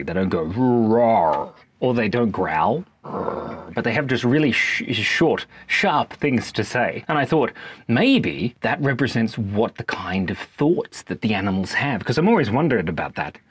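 A man's voice: mid-range voice, big pitch swings, a little slow, a bit bright, slightly rough, no room sound. A man, rambling playfully in a monologue from a backyard cubby house and slipping into animal noises. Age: 30s. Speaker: vlogger.

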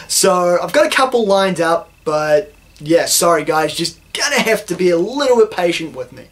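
A young man from New Zealand with a New Zealand accent, ranting sarcastically and with lots of swearing in a satirical vlog. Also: a little high. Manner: sarcastic, profane, mock-indignant. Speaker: YouTuber.

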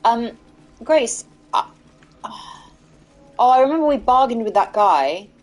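A woman's voice: fairly high pitch, animated, unhurried, soft background music. A woman voice actor streaming a video game, chatting casually and playfully and swearing freely. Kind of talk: casual gaming stream chat.

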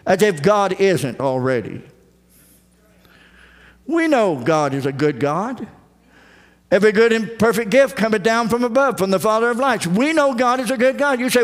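A man's voice: high-pitched, animated, normal speed, long pauses, long reverb tail. A man preaching a folksy sermon as pastor, acting out the voices he quotes. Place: church sanctuary.

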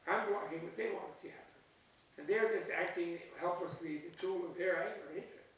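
A man's voice: high-pitched, fairly quick, a bit bright. An older man giving an informal, digressive Buddhist talk at a retreat, chatty and laughing at his own jokes. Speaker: Buddhist teacher leading a retreat session. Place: retreat hall. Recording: echoey hall recorded from a distance, faint hiss.

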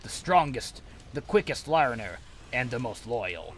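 A man voicing a pompous male dark sorcerer who declaims grandly to his apprentices. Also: mid-range voice, sing-song, unhurried, slight background noise.

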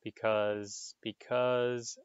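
A man's voice: mid-range voice, flat delivery, extremely slow, smooth, dry recording, lo-fi sound. A man reading aloud, voicing a nervous schoolboy wizard who defends himself uneasily. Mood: defensive. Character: nervous twelve-year-old schoolboy wizard.

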